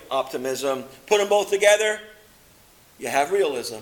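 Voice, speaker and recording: A man preaching a sermon, swinging between loud, high exclamations and low, quiet statements. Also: very animated, moderate pace.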